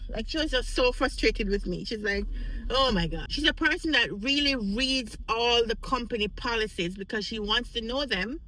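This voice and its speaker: A woman's voice: a little high, moderate pace, a little hiss or hum, low-quality recording. A woman vlogger telling a casual work story, acting out the voices of the people in it. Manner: animated, acts out quoted voices.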